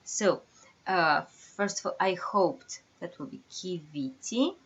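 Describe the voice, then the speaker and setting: A woman's voice: on the low side, lively intonation, normal speed, slightly rough, muffled recording. A woman teaching a beginners' language lesson, explaining step by step and quizzing her students with questions. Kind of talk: casual online lesson.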